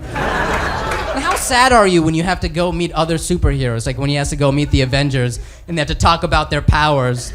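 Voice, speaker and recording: Brief: male comic, expressive swooping delivery, quick bursts, noisy live room. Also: fairly high pitch. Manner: lively, animated, quick bursts. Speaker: stand-up comedian. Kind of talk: stand-up comedy set. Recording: noisy live club recording.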